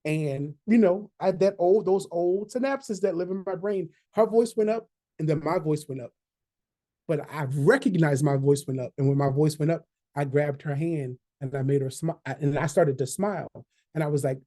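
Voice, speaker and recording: A man's voice: a little high, moderate pace, warm tone. A man leading a training session, talking conversationally, repeating key phrases and checking in with "right?". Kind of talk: online training talk.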